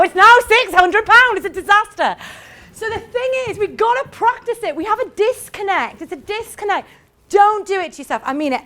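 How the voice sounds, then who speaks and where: A woman giving a lively sales talk to a live audience, acting out little scenes in quoted voices. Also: very high voice. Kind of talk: lively conference presentation.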